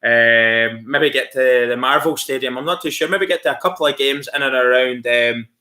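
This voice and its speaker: A man's voice: medium pitch, normal speed, pushed and bright. A Scottish man chatting casually on a live stream, swearing freely and laughing often as he answers viewers. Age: adult with school-age kids.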